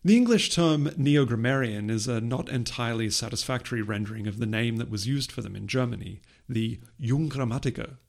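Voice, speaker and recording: A man narrating a scripted educational episode in a measured lecturing manner with light humor. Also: medium pitch, creaky. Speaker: podcast host explaining linguistics history.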